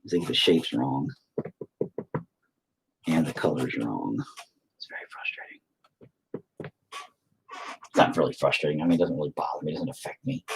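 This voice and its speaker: A man talking casually to himself while he paints, swearing constantly, self-critical, dropping into mutters and then flaring up loudly. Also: a bass voice, a little fast, creaky, pauses often, slight background noise. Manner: drops into whispers and mutters, then flares up loudly. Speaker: painting streamer.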